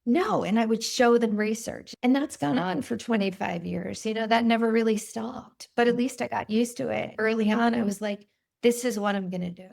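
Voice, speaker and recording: A woman in her fifties, a cardiologist guest, telling stories in an interview in a vivid, animated way. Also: fairly high pitch, normal speed, creaky, few pauses. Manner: animated, vivid storytelling with quoted voices. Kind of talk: storytelling in a podcast interview.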